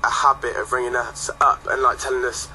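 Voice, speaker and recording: Laid-back young man, bright. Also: mid-range voice, level tone, brisk, slight background noise, low-quality recording. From England. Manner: laid-back, chatty storytelling. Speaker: guest singer. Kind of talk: casual radio chat. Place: radio studio.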